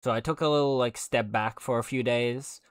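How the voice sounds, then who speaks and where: A male streamer chats loosely with his viewers, wandering between thoughts and restarting his sentences. His voice sits at a middle pitch and is captured close and dry, with no room sound. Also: steady tone, normal speed, clean tone, no room sound. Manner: rambling, chatty, full of fillers and restarts. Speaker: livestreamer. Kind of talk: casual livestream chat.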